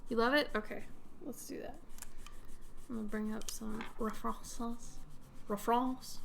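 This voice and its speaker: Young woman, slightly higher voice, giggly and rambling, casual art-stream chatter. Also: steady tone, measured pace, vocal fry, slight background noise. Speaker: artist streamer. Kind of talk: casual chat while drawing.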